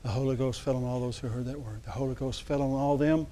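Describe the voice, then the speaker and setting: A pastor preaching a lively sermon to his church, dropping to quiet asides and then calling out loud. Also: mid-range voice, quick pace. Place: church sanctuary.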